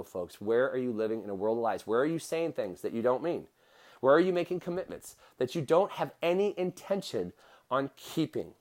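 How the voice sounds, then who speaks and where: A middle-aged man hosting a motivational podcast, talking straight to his listeners in an earnest, direct way. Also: fairly high pitch. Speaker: podcast host.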